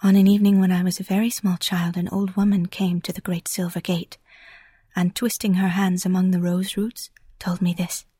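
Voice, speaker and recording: A woman voicing a mysterious, pale young girl in a whispered role-play, speaking in a hushed, unvoiced whisper. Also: fairly low pitch, flat delivery, normal speed, slightly rough, dry recording, clean studio sound.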